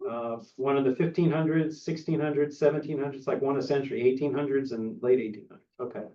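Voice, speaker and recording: A man's voice: mid-range voice, steady tone, fast talker, dark tone, distant mic. A man hosting a casual film discussion group, chatty, with many fillers and restarts, heard over a muffled video-call recording. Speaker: discussion host.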